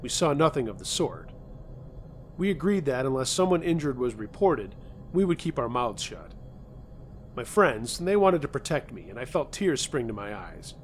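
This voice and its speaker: A man's voice: medium pitch, sing-song, moderate pace, a little hiss or hum. A man narrating a first-person true scary story as a scripted reading.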